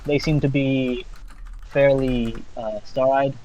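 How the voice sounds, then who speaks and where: A man running a tabletop game, narrating casually and haltingly with many fillers. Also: medium pitch, steady tone, dark tone, highs cut off, slight background noise. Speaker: game master.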